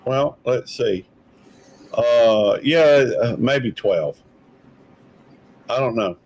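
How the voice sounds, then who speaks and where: A man's voice: mid-range voice, very slow, darkish tone, poor audio. A man from Mississippi, hosting a live stream in an easygoing, rambling way and calling people brother. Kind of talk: casual live stream chat.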